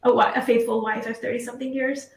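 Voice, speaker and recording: Female interviewee, emotional and near tears, slightly high voice, roomy recording. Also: flat delivery, fast talker. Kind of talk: emotional testimony. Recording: roomy echo.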